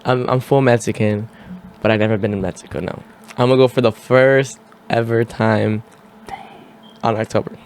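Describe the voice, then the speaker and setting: A man's voice: lowish voice, normal speed, slight background noise. A young man hosting a casual podcast, reacting with short slangy remarks. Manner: relaxed, brief reactions and slangy asides. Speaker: podcast host.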